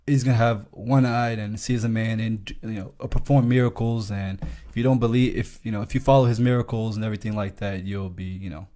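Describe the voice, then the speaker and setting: A man's voice: on the low side, steady tone, brisk, hardly any pauses, dark tone. A man chatting casually on a podcast about faith, with lots of "you know" and frequent affirmations. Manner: conversational, many fillers and affirmations. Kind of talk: casual religious discussion.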